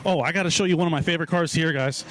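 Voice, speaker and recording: A man's voice: fairly high pitch, racing, fairly bright tone, a little hiss or hum. A man hosting a walking live stream at an outdoor car show, upbeat and hyping the crowd, a little out of breath.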